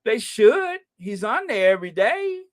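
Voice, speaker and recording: A woman talks on her live stream in an animated, heckling rant. Her pitch swings widely, jumping high on outbursts and dropping low on asides. She laughs often between points. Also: unhurried. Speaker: channel host.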